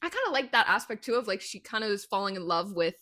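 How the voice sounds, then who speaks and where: A woman's voice: mid-range voice, sing-song, pushed and bright. A young woman co-hosting a book podcast, chatting casually, laughing often and acting out characters' lines. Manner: bubbly, quick to laugh and act out lines. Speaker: podcast co-host.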